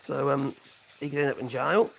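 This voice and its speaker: A man's voice: mid-range voice, moderate pace, creaky, slight background noise. A man hosting a live stream, giving blunt, rambling, opinionated commentary on the news.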